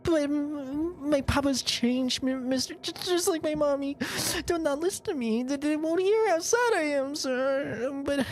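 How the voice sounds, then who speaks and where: A woman voicing a timid young male violinist in a horror game who stammers and pleads in a high voice. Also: unhurried, a little mellow, a little hiss or hum.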